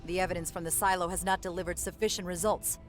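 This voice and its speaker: A woman's voice: fairly low pitch, steady tone, fast, lightly acted. A woman voicing a sarcastic, demanding commander. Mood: stern. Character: sharp, demanding female commander. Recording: game audio with music behind. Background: music.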